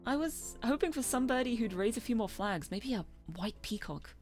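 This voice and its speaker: A woman streamer reads a visual novel aloud in her own voice, playful and quick to poke fun at herself. Faint game music plays behind her. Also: on the high side, animated, darkish tone. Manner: playful, self-mocking.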